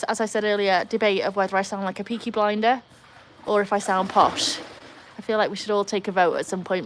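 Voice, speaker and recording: A woman's voice: mid-range voice, a bit bright. A woman from North Yorkshire with a Yorkshire accent, hosting a live stream and chatting casually with wry, self-mocking asides. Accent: North Yorkshire English. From North Yorkshire, England. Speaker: livestream host.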